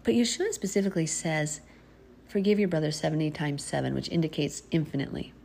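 Middle-aged woman, informal preacher, fairly low pitch, earnest and urging, faint noise behind. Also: lively intonation, quick pace, creaky, dark tone. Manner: earnest, exhorting, with laughs and asides. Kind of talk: informal religious teaching.

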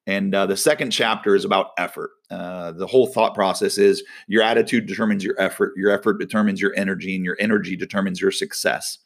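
A man with a low, gravelly voice gives a casual devotional talk as a volleyball coach. He tells a personal story, voicing the people in it as he goes. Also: fairly even intonation, fast, hardly any pauses. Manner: storytelling, acts out quoted dialogue.

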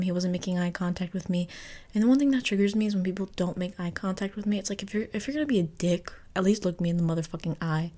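Chatty New woman telling a story. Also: fairly low pitch. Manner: chatty, expressive, lots of fillers and mild swearing. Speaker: podcast host. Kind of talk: casual storytelling monologue.

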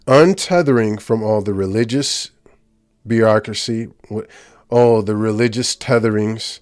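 A man preaching informally about deliverance prayer. He gets excited, speaks in quick bursts and keeps checking in with "right?". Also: lowish voice, no echo. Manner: excitable, rapid bursts, frequent "right?" tag questions. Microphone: handheld or stand mic, speaking to a live group.

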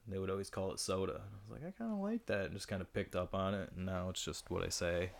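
Young male podcast guest from Michigan, low and fry-heavy voice, rambling and profane. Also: level tone, quick pace. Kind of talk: casual podcast chat. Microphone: studio podcast mic.

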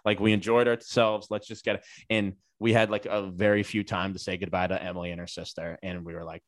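A man casually telling a long, animated anecdote on a podcast, with lots of swearing. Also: sits low, fast, dry recording, clean studio sound. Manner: animated, profane anecdote telling with acted quotes. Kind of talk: casual storytelling chat.

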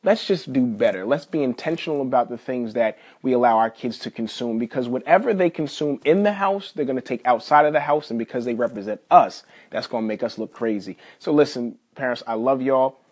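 Husky-voiced father telling a story. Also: mid-range voice, brisk, hardly any pauses. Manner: folksy, animated storytelling, addresses listeners as y'all. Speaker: podcast host. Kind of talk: casual storytelling monologue.

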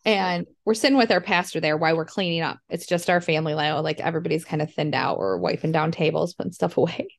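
A middle-aged woman, a mother, telling a family story in casual chat over a video call, animated and laughing often. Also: sits low, fast talker, gravelly, hardly any pauses. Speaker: podcast co-host, mother.

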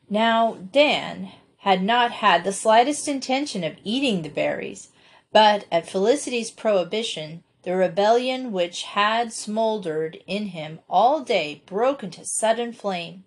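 A woman reading a classic children's novel aloud with steady, expressive storytelling. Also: mid-range voice, measured pace. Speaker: audiobook reader.

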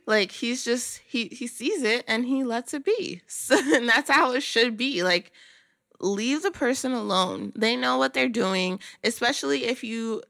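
A woman hosts her own podcast in a loose, chatty way, speaking frankly and letting the odd swear word slip. Her voice is bright and forward. The recording is dry and close. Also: a little high, a little slow, vocal fry, no echo. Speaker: podcast host. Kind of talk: casual solo podcast talk.

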